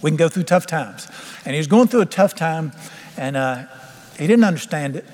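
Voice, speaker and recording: A man's voice: a little high, animated, moderate pace, darkish tone. A man preaching a fervent, folksy sermon with humor. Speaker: pastor. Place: church sanctuary. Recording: long church reverb, faint music.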